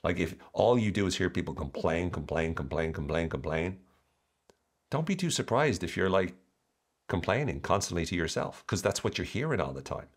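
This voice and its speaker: Deep-voiced man hosting a podcast. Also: a little fast. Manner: lively, jokey, mocking asides. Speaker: podcast host. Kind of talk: solo podcast talk.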